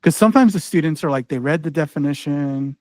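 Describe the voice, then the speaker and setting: A man's voice: fairly high pitch, quick pace, a little mellow, no room sound. A man presenting a live online workshop, talking casually with lots of "like" and "right?" and frequent restarts as he walks through a demo. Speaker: ed-tech trainer presenting a workshop.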